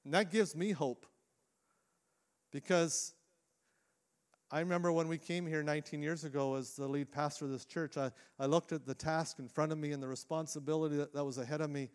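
Earnest middle-aged pastor preaching a sermon. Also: male voice, on the high side, steady tone, smooth. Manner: earnest, with frequent restarts and shifts between quick and slow phrasing. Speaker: lead pastor. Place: church sanctuary.

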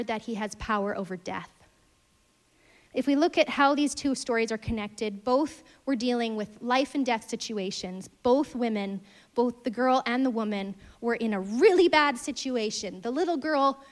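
A woman giving a casual Bible lesson, retelling the stories lively and acting out the quotes. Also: a little high. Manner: animated storytelling, acts out quotes. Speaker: Bible teacher.

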